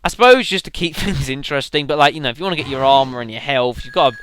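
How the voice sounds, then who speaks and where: Bright, lively gamer commentating. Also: male voice, medium pitch, racing. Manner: rambling with fillers and sudden exclamations. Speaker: let's play commentator. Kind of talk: casual gameplay commentary.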